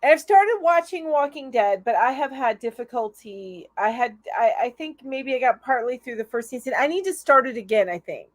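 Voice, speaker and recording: Hosting a live crochet chat show, a woman chats with enthusiasm, reads out viewer comments, and laughs often. Her fairly high, animated voice moves at normal speed with hardly any pauses, and the recording is dry.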